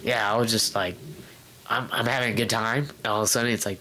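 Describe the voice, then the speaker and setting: Candid young man, low voice. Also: fairly even intonation, sharp tone, rough recording. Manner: candid, halting, many fillers and restarts; acts out his past self in quoted outbursts. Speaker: guest. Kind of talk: casual interview storytelling. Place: home room.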